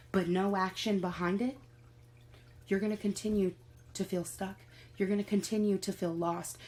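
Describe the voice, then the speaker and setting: A woman's voice: medium pitch, darkish tone, low-quality recording. Encouraging woman giving a spiritual reading. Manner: encouraging, swears casually, repeats phrases. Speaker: tarot reader.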